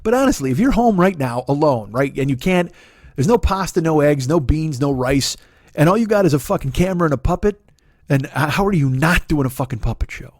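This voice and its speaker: A man in his forties hosts a comedy podcast, ranting animatedly and a little fast while swearing a lot and making fun of people. His impressions of others come out high and loud, captured in a dry, clean studio recording.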